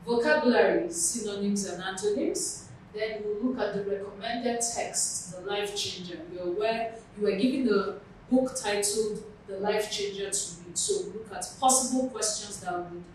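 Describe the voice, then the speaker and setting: A woman from Nigeria teaching an exam lesson in a slow, deliberate way, repeating and spelling out words at a board in a classroom. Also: medium pitch, darkish tone. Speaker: exam tutor. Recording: echoey room from far off with faint noise.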